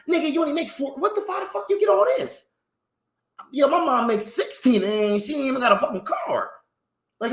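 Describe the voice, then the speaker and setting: A man ranting in a rambling, profane vlog monologue, full of slang and rhetorical questions. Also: high voice. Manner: animated, swearing, heavy slang, rhetorical questions. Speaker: vlogger. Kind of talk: profane, rambling opinion rant. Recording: roomy echo.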